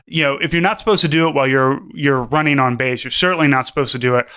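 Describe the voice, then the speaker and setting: A man's voice: mid-range voice, quick pace, bright, forceful tone, smooth. A man co-hosting a podcast, chatting casually with lots of fillers, restarts and swearing. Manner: rambling, profane, many fillers and restarts. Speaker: podcast co-host.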